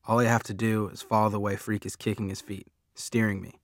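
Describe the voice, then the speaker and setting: Narrador de audiolibro de voz grave y monótona. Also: male voice, fairly low pitch, level tone, fairly quick, no echo, studio quality. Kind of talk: first-person audiobook narration.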